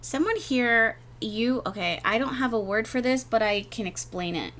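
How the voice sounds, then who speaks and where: A woman giving a casual tarot reading, rambling and gushing, repeating words and filling pauses as she goes. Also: a little high, lively intonation, a bit bright. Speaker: tarot reader.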